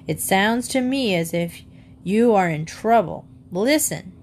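Woman reader as a steady storybook farmer, slow and plain. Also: medium pitch, slight background noise. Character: kindly grown farmer, calm and firm.

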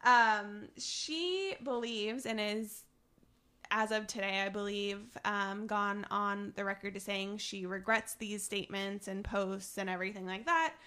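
A woman's voice: medium pitch, measured pace, sharp tone, smooth. A young woman co-hosting a casual political chat podcast, talking in a chatty way with many fillers and restarts.

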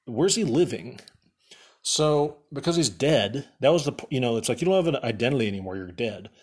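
A man's voice: medium pitch, expressive, brisk, a little mellow, husky. A young man casually recapping a movie for laughs, rambling with lots of fillers and sarcastic asides.

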